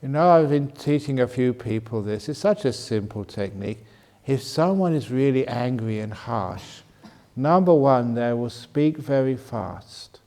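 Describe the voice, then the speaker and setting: A Buddhist monk answers retreat questions in a gently humorous way, his pitch rising and falling freely. His voice sits at a middling height, and he slows down and goes soft whenever he shows how calm speech should sound. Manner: gently humorous, laughs at his own jokes. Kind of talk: dharma Q&A talk at a retreat. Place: meditation retreat centre.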